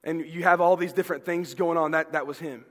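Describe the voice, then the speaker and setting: A man's voice: on the high side, fairly even intonation, fairly quick. A man, preaching an earnest sermon to teens and repeating words as he goes. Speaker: pastor. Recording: long hall reverb.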